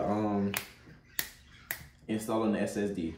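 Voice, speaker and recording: A man's voice: on the low side, lively intonation, moderate pace, pauses often, mellow, roomy sound. A man hosting a gaming channel, chatting casually through an unboxing and install tutorial, laid-back and prone to swearing and laughing.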